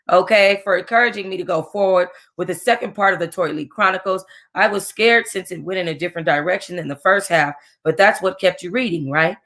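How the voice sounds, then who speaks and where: A woman reading a novel aloud in an expressive way, with chatty asides to her listeners. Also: mid-range voice. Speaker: audiobook reader.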